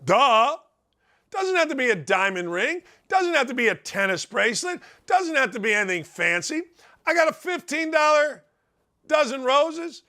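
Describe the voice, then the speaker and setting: A middle-aged man hosting a sports talk show, giving a brash, folksy, animated monologue and ribbing his listeners. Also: very high-pitched, normal speed. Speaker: sports radio host.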